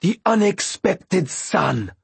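A man's voice: mid-range voice, drawn-out words, slightly rough, no room sound, full character voice. A man voicing a harsh, commanding woman captor in an audiobook, snarling her orders. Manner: snarling, imperious.

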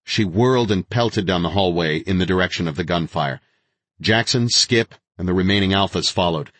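A man narrating an audiobook in a steady, dramatic reading of scripted narration. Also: low-pitched, normal speed, dry recording.

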